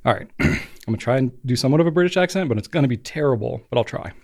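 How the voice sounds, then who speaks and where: A man's voice: mid-range voice, expressive, racing, vocal fry, a little mellow. A man co-hosting a casual podcast, chatty and self-deprecating, laughing often. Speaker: podcast co-host. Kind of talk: casual chat.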